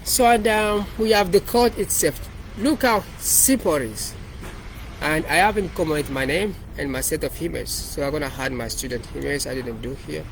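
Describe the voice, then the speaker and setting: Man, slightly high voice, rambling code walkthrough, faint street noise. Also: moderate pace, gravelly, low-quality recording. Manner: rambling, repeats and restarts phrases. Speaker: developer presenting his project.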